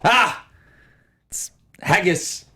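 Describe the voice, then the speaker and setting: A bluff, jolly Scottish actor in a big, hammy mock brogue, as a podcast host puts him on. The pitch swings up and down with lively animation, every line leaning hard into the rolled accent for comic effect. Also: male voice, extremely slow, a loud crowd, heavily acted. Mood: mock-grave. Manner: hammy, rolling exaggerated brogue.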